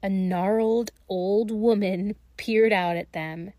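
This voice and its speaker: A woman reading a fairy tale aloud in a slow, gentle and expressive way. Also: medium pitch, no room sound, clean studio sound. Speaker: storyteller.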